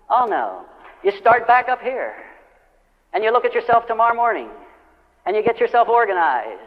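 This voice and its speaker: High-voiced man giving a motivational speech. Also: sing-song, moderate pace, pauses often. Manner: storytelling, acting out quoted customers and friends. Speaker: motivational speaker. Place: large hall with a live audience. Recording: old lo-fi record of a speech in a reverberant hall.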